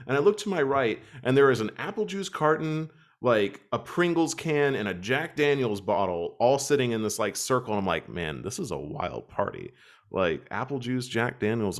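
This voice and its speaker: A young American man from Kentucky, chatting casually as a podcast co-host and acting out quoted voices as he tells stories. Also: mid-range voice. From Kentucky, USA. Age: young adult. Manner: animated storyteller, acts out quoted voices, swears casually. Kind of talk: casual chat.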